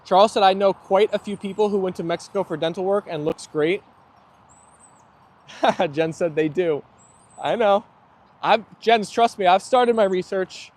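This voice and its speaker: A man's voice: sits high, normal speed, pauses often, a little mellow. A young man hosting a live stream outdoors, chatting easily and reading viewer comments aloud while his dogs play. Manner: chatty and easygoing, laughs often. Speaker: livestream host.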